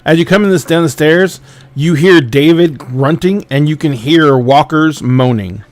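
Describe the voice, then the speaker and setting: A man acting as game master describes the scene in a loose, halting way, full of small fillers. His voice sits a little high for a man. The sound is close and dry, with no room around it. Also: no room sound.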